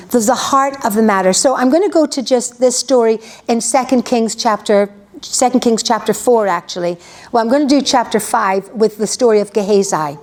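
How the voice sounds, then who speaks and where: A woman's voice: on the high side, a little mellow. A woman preacher retelling a story in a chatty, conversational sermon, full of restarts and asides. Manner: chatty, lots of "you know", restarts.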